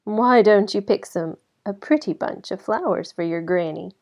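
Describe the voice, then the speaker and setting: A woman's voice: darkish tone, natural voice. A woman doing a silky, sly wicked wolf. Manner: low, silky and drawn-out. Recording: slightly dull lo-fi recording.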